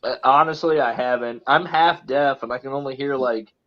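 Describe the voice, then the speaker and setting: A man's voice: medium pitch, normal speed. A middle-aged man who joins a casual group chat and feels his way through his sentences with lots of "uh" and "like." His everyday mid-range voice reaches the listener through dull, muffled call audio. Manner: hesitant, full of fillers. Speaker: livestream guest.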